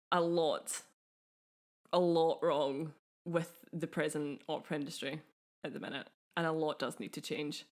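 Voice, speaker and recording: Young woman podcast cohost, lowish voice, chatty and keen, laughs a lot. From Scotland. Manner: chatty and enthusiastic, laughs often. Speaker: podcast co-host. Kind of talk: casual podcast chat.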